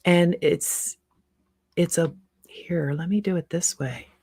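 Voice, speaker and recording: A woman's voice: fairly low pitch, slow pace, mellow, breathy edge, no echo. A middle-aged woman hosting a casual livestream, chatty and rambling, laughing often between asides. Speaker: livestream host.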